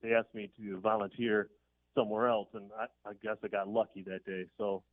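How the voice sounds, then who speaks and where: A man's voice: fairly low pitch, little pitch movement, brisk, no room sound. A man phoning in to a radio talk show, rambling through a story with plenty of fillers and a chuckle here and there. His voice comes down a thin, phone-like line. It sounds dry and close, with no room around it. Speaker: caller. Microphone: telephone.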